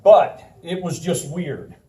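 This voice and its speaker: A man preaching a sermon in a conversational, animated way, telling a personal story and laughing often. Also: a little high, takes it slowly. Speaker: pastor. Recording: roomy sound from a distant mic.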